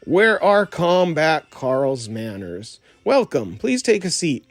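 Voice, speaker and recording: A man reading aloud puts on a pompous action-figure soldier from a storybook who refers to himself in the third person. Lines come slow and stately, pitched a little high, with a dry close sound. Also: very animated, dry recording, soft background music, full character voice.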